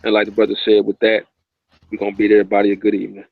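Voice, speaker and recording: A man reads scripture slowly and steadily, then speaks in a relaxed, easygoing way to close. His voice sits a little low and comes through a tinny, phone-like line that sounds very dry. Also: creaky, dry recording. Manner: slow, measured reading, relaxed talk. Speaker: co-host and scripture reader. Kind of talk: scripture reading and closing remarks.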